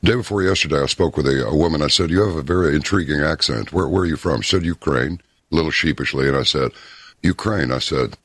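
A man hosting a talk show, telling stories and giving opinions in a folksy, unhurried way. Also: a bass voice, a bit bright, breathy edge, no echo. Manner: folksy, opinionated, storytelling with pauses. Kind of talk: casual talk radio commentary.

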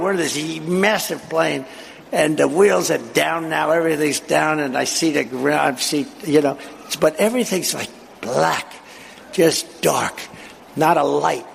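Male speaker, somewhat high, gravelly voice, digressive boastful anecdotes with acted-out quotes. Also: slight background noise. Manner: boastful, digressive storyteller acting out quoted dialogue. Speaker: political speaker at a live event. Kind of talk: rambling anecdotal speech.

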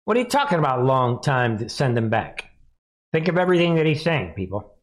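A man's voice: medium pitch, big pitch swings, brisk, heavy background noise. A man hosting a live news commentary, mocking the clips he plays, laughing often and speaking straight to his viewers. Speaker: commentary host.

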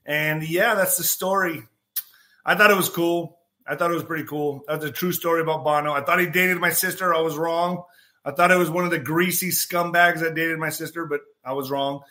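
A man with a fairly high, bright voice tells a story on his podcast. He talks casually and with energy, acting out what people said and dropping curse words as he goes. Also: a little fast. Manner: animated, acts out quotes, swears. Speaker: podcast host.

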